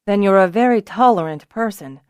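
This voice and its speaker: A woman narrator voicing a calm, authoritative male dragonrider leader in a fantasy audiobook, firm and steady. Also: mid-range voice, brisk, smooth, dry recording, clean studio sound, close to an everyday voice.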